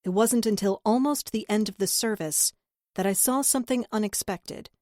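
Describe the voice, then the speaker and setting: A woman reading a crime novel aloud in first person, with measured, intimate storytelling. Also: mid-range voice, a little mellow, dry recording, clean studio sound. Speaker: audiobook narrator. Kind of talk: first-person scripted narration.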